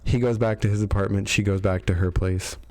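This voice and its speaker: Gravelly low-voiced man recapping a story. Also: fairly even intonation, fairly quick, darkish tone. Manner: wry, filler-heavy, sarcastic commentary. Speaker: video host reviewing game lore. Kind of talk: casual joking story recap. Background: faint background music.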